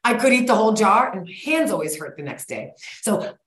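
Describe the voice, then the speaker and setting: A woman in her forties, a guest coach speaking in a blunt, energetic, folksy way in a casual interview. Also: mid-range voice, fairly quick. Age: 40s. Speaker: guest, sugar-cravings coach. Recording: roomy echo.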